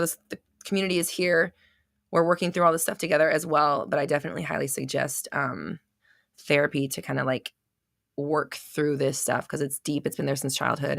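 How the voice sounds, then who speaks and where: A woman coaches her live-stream viewers in loose, unscripted talk, blunt and full of swearing. Her voice is bright and forward. The recording is dry and close, with no room echo. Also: sits low, creaky. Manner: blunt, swearing, shifts into heated tough love.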